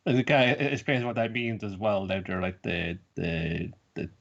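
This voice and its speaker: A man's voice: lowish voice, lively intonation, moderate pace, creaky, a bit bright. Jokey man on a muffled podcast line. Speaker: podcast co-host. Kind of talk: casual chat.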